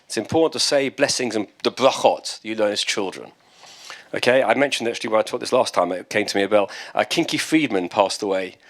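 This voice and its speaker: A British man, a rabbi, teaching a text-study class in a conversational, lively way with asides and jokes. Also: lowish voice, a little fast. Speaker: rabbi and lecturer.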